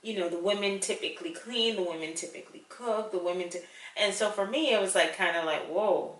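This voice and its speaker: Bright, animated woman, echoey room. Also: mid-range voice, fairly quick, far from the mic. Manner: animated and chatty, laughs often. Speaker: co-host. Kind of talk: casual conversation. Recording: echoey room, a little off-mic.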